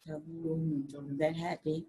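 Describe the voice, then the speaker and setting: A woman's voice: low-pitched, level tone, slow, mellow. A woman in the audience giving short answers to the speaker. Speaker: audience member.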